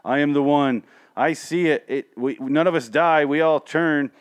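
Man mimicking a fixated adult male, loud, higher-pitched, repetitive ranting. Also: unhurried, smooth, close to an everyday voice. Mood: insistent. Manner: insistent, repetitive, raised voice. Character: obsessed grown man ranting about seeing death.

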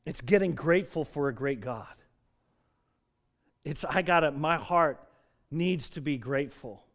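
A middle-aged man from Denver preaching a sermon as pastor, moving between emphatic declarations and soft, reflective passages. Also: mid-range voice. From Denver, Colorado.

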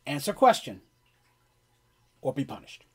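A man's voice: mid-range voice, very animated, a little slow, darkish tone, husky. A man voicing a stern, short, muscular male gully dwarf guard who demands answers in broken, terse speech. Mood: demanding.

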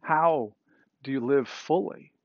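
A man's voice: medium pitch, slow pace, no echo. Give me a man giving a conversational sermon, recorded dry and slightly muffled. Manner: conversational preaching, frequent "right?" asides. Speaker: pastor. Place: indoors, cool enough for a jacket.

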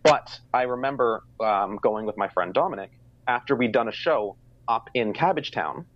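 A man's voice: mid-range voice, expressive, moderate pace. A young man from Canada telling a personal story in a casual conversation, reflective, with many ums. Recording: dry, slightly dull sound.

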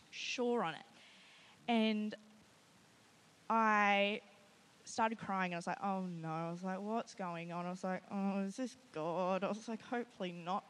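A woman giving a personal testimony to a church group, telling her story in an animated way and often quoting herself. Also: medium pitch, clear, resonant tone. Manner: nervous and laughing at times. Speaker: testimony speaker at a church gathering.

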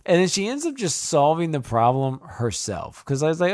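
A man's voice: on the high side, big pitch swings, normal speed, darkish tone, no room sound, studio quality. A young man chatting casually as a podcast co-host, rambling, swearing, and laughing as he reviews a movie. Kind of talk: casual chat.

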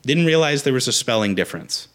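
A young adult man preaching a sermon as a pastor, emphatic and animated, repeating rallying phrases. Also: mid-range voice, fast talker.

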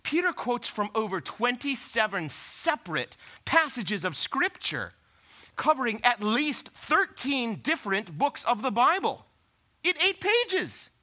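Male pastor, high bright voice, lively conversational sermon full of rhetorical questions. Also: a little slow.

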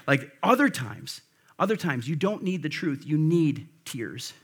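A man's voice: mid-range voice, a bit bright, breathy edge. A man preaching a conversational sermon, emphatic and full of rhetorical questions to the congregation. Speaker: pastor.

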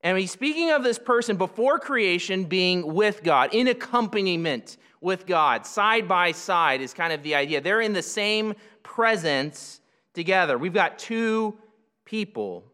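Bright-voiced man preaching a sermon. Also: sits high, expressive, smooth, long reverb tail. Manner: teaching, explanatory, with many restarts and slow emphatic phrases. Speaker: pastor.

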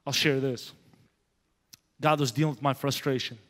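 A man pastor giving a sermon with a personal story, animated and growing loud as he tells of his anger. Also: medium pitch, normal speed. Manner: animated, grows loud when telling of anger. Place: church sanctuary. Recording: long hall reverb.

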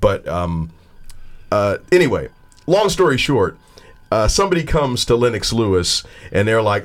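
Lively rambling man host. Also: on the low side, moderate pace. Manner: rambling storyteller, animated and laughing. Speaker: radio show host. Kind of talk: casual panel chat.

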